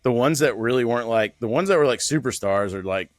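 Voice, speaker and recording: A man's voice: mid-range voice, no room sound. Male podcast host, loose and chatty, jumps into voices mid-story; dry booth sound. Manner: animated storyteller, swears, does quick impressions. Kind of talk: casual chat.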